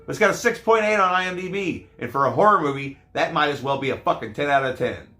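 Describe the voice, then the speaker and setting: A man vlogging about his collection, rambling and cursing, veering between loud rants and mutters, a little hoarse. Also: a little high, animated, fast. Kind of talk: casual profane vlog.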